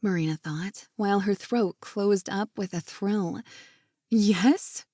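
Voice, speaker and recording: A woman narrating a romance audiobook in a steady, gentle storytelling voice on a close microphone. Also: medium pitch, unhurried, no echo.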